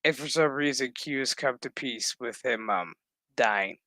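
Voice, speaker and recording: A man's voice: medium pitch, measured pace, no room sound. A man casually recapping a TV episode, swearing a lot, ranting and acting out the characters' lines. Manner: animated, swearing, acts out dialogue; exasperated rant. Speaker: show recap host.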